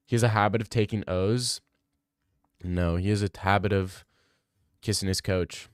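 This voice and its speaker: A man's voice: on the low side, flat delivery, moderate pace, pauses often, clean tone, dry recording, studio quality. A young man streaming, reading live comments in joking, rambling casual chat.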